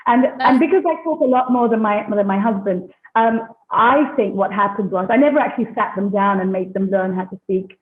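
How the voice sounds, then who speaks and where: A woman's voice: medium pitch, a little fast, few pauses. A British woman from London in her fifties, chatting as an interview guest and laughing often. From London, England. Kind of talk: casual interview chat. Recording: echoey, tinny phone-like line.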